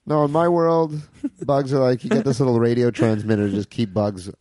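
A man chatting casually and laughing often, with a relaxed, easygoing way of talking. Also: mid-range voice, normal speed, no echo. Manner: laid-back, laughs often, says "man" and "dude". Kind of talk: casual chat.

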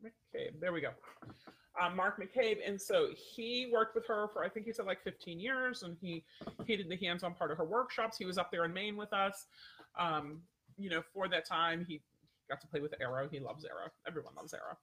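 A man's voice: high voice, normal speed, sharp tone, breathy edge. A man who trains dogs, chatting casually with viewers on a livestream, rambling and breaking off his own sentences. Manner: rambling, self-interrupting, many fillers. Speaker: dog trainer hosting a livestream.

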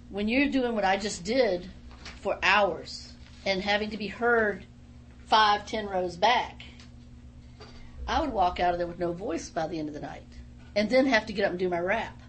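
Middle-aged woman, studio guest on a radio talk show, emphatic and animated, mid-pitched, faint background noise. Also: measured pace, pauses often. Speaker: guest, former wrestler. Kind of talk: casual radio interview storytelling.

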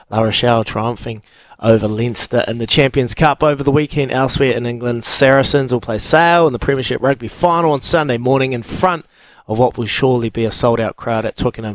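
A man's voice: mid-range voice, no echo. A man hosting a casual radio chat, matey and friendly, saying "mate" and "wee". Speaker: radio host, former rugby player. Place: radio studio.

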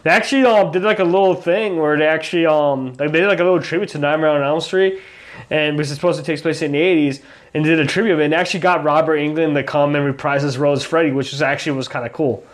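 A podcast co-host chats casually, rambling along with lots of fillers and restarts and sounding hesitant. His voice is on the high side, fast, with fairly even intonation.

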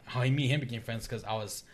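A man's voice: mid-range voice, brisk, creaky, a little hiss or hum. A young man casually recounting a school story among friends, loose and laid-back, swearing freely and acting out what people said. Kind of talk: casual chat.

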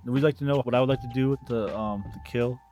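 A young man co-hosting a podcast in a casual, joking chat, slangy and quick to laugh. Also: mid-range voice, warm tone, soft background music. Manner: laid-back, laughs often, slangy. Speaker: podcast co-host.

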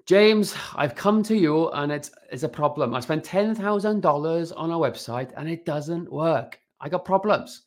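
A man's voice: fairly high pitch, moderate pace, few pauses, pitched above the performer's own voice, natural voice. A man putting on a Welsh accent to voice a frustrated client complaining about a failed website. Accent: Welsh (put on).

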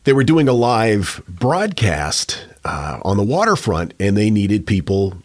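A man's voice: fairly low pitch, big pitch swings, unhurried. A middle-aged man co-hosting a podcast, telling jokey prank stories in a casual, laughing way with a former radio DJ's delivery. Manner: playful, jokey anecdotes with frequent laughs. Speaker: podcast co-host. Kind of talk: casual chat and storytelling.

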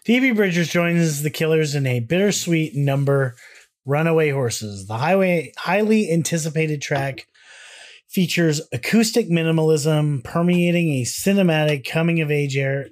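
A man in casual podcast banter, cursing freely and answering jokes with a dry edge. His voice sits a little high for a man. He reads out loud in a flat, matter-of-fact way. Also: moderate pace. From American South. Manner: profane, wry banter. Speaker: podcast co-host. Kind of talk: casual chat.

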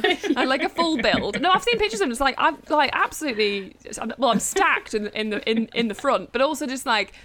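Woman on a podcast, kinda high voice, jokey and self-deprecating, does little voices in her stories. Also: fairly quick, hardly any pauses, crowd noise. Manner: animated, self-mocking storytelling with acted-out quotes. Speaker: guest comedian. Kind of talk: casual podcast chat.

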